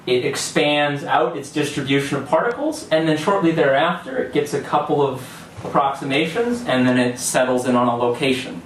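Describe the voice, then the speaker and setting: A student presenter, young and male, walks his class through a topic step by step in a loose way, stumbling into fillers and restarts. His mid-range voice is animated at a normal speed, and the far-off, echoey lecture hall recording carries slight background noise.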